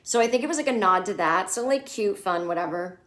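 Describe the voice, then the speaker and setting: A woman's voice: mid-range voice, lively intonation, brisk, a bit bright. A woman hosting a casual TV recap, candid and sarcastic, and swearing freely. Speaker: comedian host.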